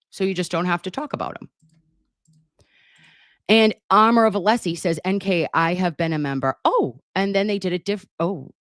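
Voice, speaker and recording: A woman's voice: fairly low pitch, no room sound, clean studio sound. A middle-aged woman hosting a livestream, reading viewer comments aloud and answering in a brash, profane, affectionate way. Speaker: livestream host reading chat. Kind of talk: casual livestream chat. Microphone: computer mic on a live stream.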